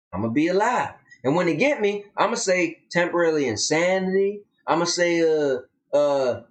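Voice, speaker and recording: Lively high-voiced Southern man. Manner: drawling, storytelling, emphatic. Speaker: co-host. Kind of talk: casual live-stream chat.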